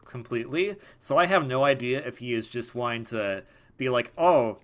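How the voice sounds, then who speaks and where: With a mid-range, slightly bright voice at a moderate pace, this young man hosts a gaming video. His let's-play commentary is relaxed, rambling and self-deprecating, full of restarts and laughter.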